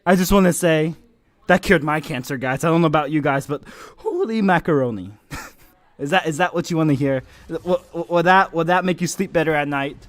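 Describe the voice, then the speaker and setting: A man with a high-pitched voice calls a mobile game match on his livestream. He swings from low mutters to hyped shouting and fills it with crude jokes and exclamations. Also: brisk.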